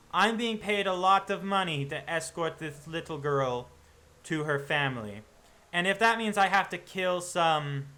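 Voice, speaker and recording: A man's voice: fairly high pitch, pushed and bright, voice pushed up. A man doing a cold, menacing armored mercenary. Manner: formal, clipped threats.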